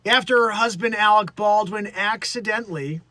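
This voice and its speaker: A man's voice: sits high, moderate pace, pushed and bright, no room sound. A man hosting a daily livestream, reading news aloud and riffing on it in a rambling, jokey way with some swearing. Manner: rambling, jokey, swears, slips into put-on voices. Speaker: livestream host.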